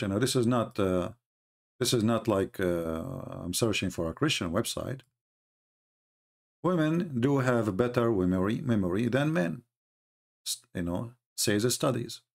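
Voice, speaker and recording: A man hosting an online talk, speaking as an in a mocking, sarcastic way with lively storytelling. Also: medium pitch, creaky. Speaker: online debate host. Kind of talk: casual live-stream commentary.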